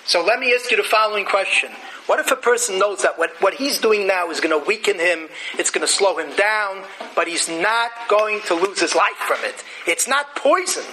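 A man giving an animated Torah lecture. He mixes Hebrew and Yiddish terms into his English and poses rhetorical questions before answering them himself. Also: high-pitched, normal speed, hardly any pauses, a little hiss or hum, poor audio.

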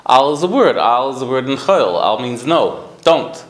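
A man, speaking, teaches a Torah class to a study group, talking haltingly with many restarts and Yiddish-Hebrew terms. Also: mid-range voice, sing-song, poor audio. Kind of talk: Talmudic lecture to a study group.

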